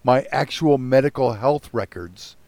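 A man's voice: mid-range voice, unhurried, darkish tone, no echo. An older man hosting a casual podcast chat, ranting with lots of profanity and mocking himself.

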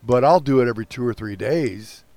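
A man's voice: mid-range voice, brisk, darkish tone, no echo. An older man hosting a casual podcast chat, ranting with lots of profanity and mocking himself.

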